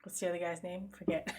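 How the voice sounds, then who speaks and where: A middle-aged woman co-hosting a podcast, telling stories in casual chat and laughing often. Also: fairly low pitch. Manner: giggly, chatty storyteller. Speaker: podcast co-host.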